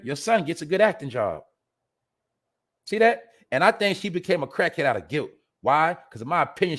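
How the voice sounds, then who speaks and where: A man hosting a podcast, giving animated, profane casual commentary in with laughing asides. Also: mid-range voice. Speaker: podcast host.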